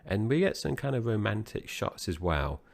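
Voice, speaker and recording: A man co-hosting a film podcast, recapping the plot in an easygoing, slightly halting way. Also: lowish voice, big pitch swings, gravelly. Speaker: podcast co-host. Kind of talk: casual film-review chat.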